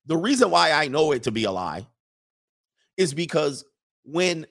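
A man's voice: on the high side, big pitch swings, measured pace, creaky, a bit bright. A man giving casual sports commentary who rambles, often restarting and correcting himself.

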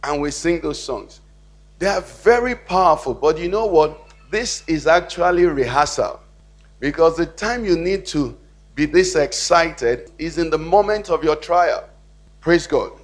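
High-voiced pastor preaching. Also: male voice, lively intonation, unhurried. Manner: preaching with call-and-response questions to the congregation. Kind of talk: sermon. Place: church.

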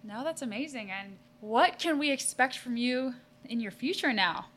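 Young woman podcast host, bright and a bit high, quick questions, laughs a lot. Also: expressive. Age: 20s. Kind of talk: casual interview.

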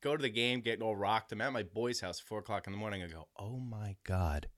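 Fast and fairly low-voiced, this New York-area man rambles through a casual, profane anecdote for a podcast, animating it by imitating the voices of those he quotes. It's a long story, captured in a dry, clean studio recording.

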